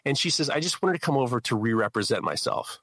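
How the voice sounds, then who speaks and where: Man, co-host, animated storyteller, acts out voices, bright tone, dry sound. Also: medium pitch, fast talker, no echo. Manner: excitable, acts out quoted voices. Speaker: podcast co-host.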